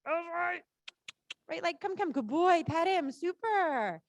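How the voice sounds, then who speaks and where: A woman instructor giving quick, encouraging cues to a rider during a live riding lesson in an indoor arena. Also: very high voice, big pitch swings, slight background noise.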